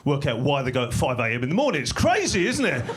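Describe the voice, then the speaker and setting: A man doing stand-up comedy in a small club, delivering dry, deadpan one-liners that break into sudden shouted bursts. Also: medium pitch, quick pace, a little hiss or hum. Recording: live club recording with audience laughter. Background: crowd laughing.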